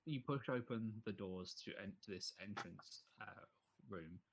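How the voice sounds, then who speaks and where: A man's voice: lowish voice, measured pace, creaky, background noise. A man narrating as game master of a tabletop game, rambling with many fillers.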